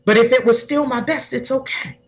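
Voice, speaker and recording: A woman who works as a personal development coach speaks as a podcast guest, earnest and from the heart, often restarting her sentences. Her voice sits high and moves a little fast.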